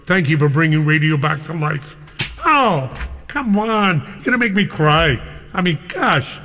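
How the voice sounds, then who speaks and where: An older man hosting a live radio show, effusive and excited, reading out listener emails and chatting with callers. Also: a little high, normal speed, in a large hall, a little hiss or hum. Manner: exuberant, effusive, reads listener emails aloud. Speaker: radio DJ host.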